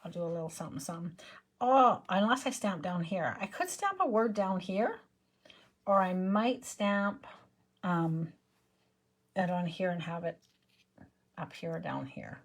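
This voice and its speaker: A woman hosts a card-making livestream, chatting casually and rambling while she stamps and colours, humming and singing to herself as she works. Her voice is on the low side with lively intonation, a little slow, and she pauses often.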